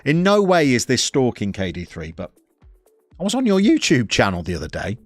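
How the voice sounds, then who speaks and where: A man from the English Midlands with a soft Birmingham accent, chatting casually and wryly to his chat while playing a football management game. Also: mid-range voice, huge pitch swings, fairly quick, no echo, faint music behind. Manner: wry, self-mocking chatter to chat. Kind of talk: casual live-stream commentary.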